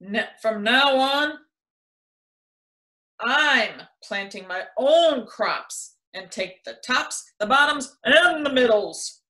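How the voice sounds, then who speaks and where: A woman's voice: on the high side, lively intonation, slow, bright, forceful tone, roomy sound, heavily acted. A woman doing a grumpy, put-upon bear. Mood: indignant. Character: lazy grumpy male bear, easily fooled.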